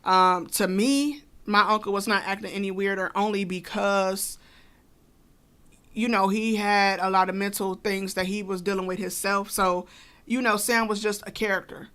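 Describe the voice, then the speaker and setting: A woman's voice: mid-range voice, steady tone, moderate pace, a bit bright. A woman co-hosting a podcast, telling a personal story casually with many fillers and asides. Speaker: podcast co-host.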